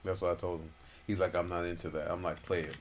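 A man's voice: deep voice, little pitch movement, quick pace, slight background noise. A man co-hosting a podcast, chatting casually and joking with his friend. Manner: laid-back, joking banter. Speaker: podcast co-host. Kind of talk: casual chat.

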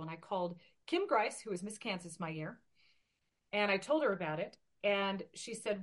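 A woman in her forties from Oregon, telling a personal story in a lively, animated way during a casual interview. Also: mid-range voice, normal speed. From Oregon, USA. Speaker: interview guest.

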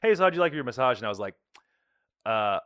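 Male host, chatty and animated, cusses freely, mid-pitched voice, dry close mic. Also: fast, clean tone, no echo. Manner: animated storyteller, swears freely, acts out quoted voices. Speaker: podcast host. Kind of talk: casual chat.

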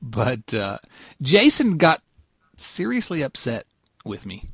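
A man's voice: mid-range voice, wildly swooping pitch, takes it slowly, creaky, fairly bright tone, breathy edge, dry recording. A man hosting a casual podcast, rambling and laughing often as he tells a story. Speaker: podcast host.

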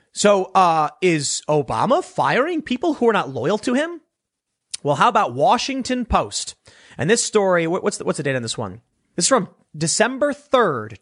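Male commentator, blunt and sarcastic, lively pitch, reads clippings then rants. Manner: blunt, sarcastic, corrects himself often. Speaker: political commentator. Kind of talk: opinionated commentary reading news clippings.

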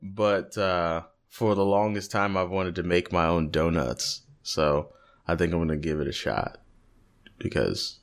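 A man hosting a podcast, chatting casually with jokes at his own expense and halting restarts. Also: deep voice. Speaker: podcast host.

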